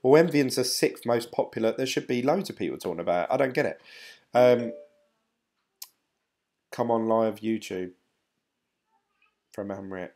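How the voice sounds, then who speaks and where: A man's voice: mid-range voice, lively intonation, normal speed, pauses often, a little mellow. A middle-aged man hosting a casual live stream. He rambles in a chatty way and reads out viewer comments. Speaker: crypto YouTuber, live-stream host.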